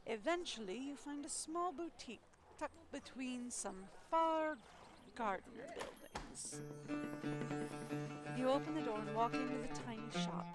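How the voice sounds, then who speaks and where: Woman streamer, slow measured reader with a slightly high voice, game narration mixed with casual asides. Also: sing-song, over loud music. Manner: reads narration aloud, then breaks off to chat. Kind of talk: reading a story game aloud with casual asides. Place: home streaming setup.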